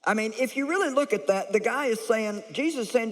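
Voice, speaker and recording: A woman preaching a lively sermon, blunt and humorous, chuckling as she teaches. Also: fairly high pitch, a little fast, hardly any pauses. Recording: echoey large hall.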